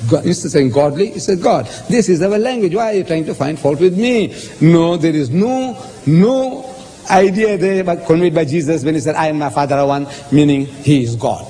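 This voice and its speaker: A man lecturing on Bible verses, animated, quoting passages and posing rhetorical questions. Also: fairly high pitch, moderate pace, a little hiss or hum. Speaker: lecturer on scripture. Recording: hall reverb with faint ambience.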